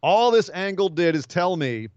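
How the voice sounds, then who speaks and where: A man recapping wrestling on a podcast in loose, sarcastic chat. His slightly high voice swings widely when he gets exasperated. The sound is close and dry, a little dull. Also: big pitch swings, moderate pace, a little mellow, clear, resonant tone, no room sound. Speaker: podcast co-host.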